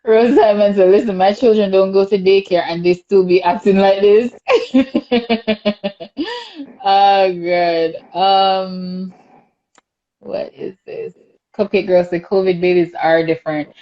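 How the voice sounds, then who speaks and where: A young adult woman with a Jamaican accent hosts a casual talk show podcast, reading viewer comments amid plenty of laughter. Her voice sits at medium pitch and moves a little slowly, with the high frequencies cut off. She's animated and chatty, laughing often.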